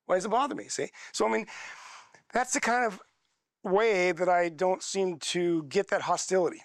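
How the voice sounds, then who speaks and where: A man's voice: high voice, moderate pace, no room sound, clean studio sound. A middle-aged man teaching a church class, telling stories in a folksy, chatty way and acting out both sides of the dialogue. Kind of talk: storytelling class talk.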